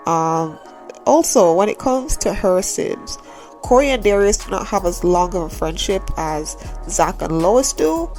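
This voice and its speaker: A woman's voice: mid-range voice, animated, measured pace, a little mellow. Woman, tired, casual rambling chat, gaming vlogger, faint music behind. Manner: chatty, rambling, repeats pleas to subscribe. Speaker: Sims YouTuber.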